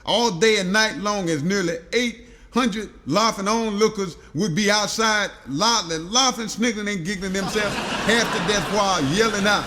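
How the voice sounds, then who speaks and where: A man's voice: sits high, moderate pace, background noise. A man reading a comic audiobook story aloud, rambling through long lists with stumbles and repeats.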